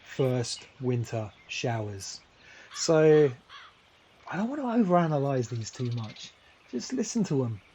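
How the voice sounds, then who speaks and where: A man reading poems aloud on a live stream and explaining them, musing and digressive, with many ums and restarts, and slowing down for the verses. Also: fairly high pitch, very animated, dark tone, slight background noise.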